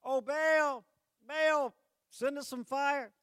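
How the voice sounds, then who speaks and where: A man voicing a frantic crowd of pagan worshipers, crying out in high, desperate wails. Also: steady tone, slow pace, fairly bright tone, no echo, studio quality, heavily acted. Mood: desperate wailing. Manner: high desperate wailing cries.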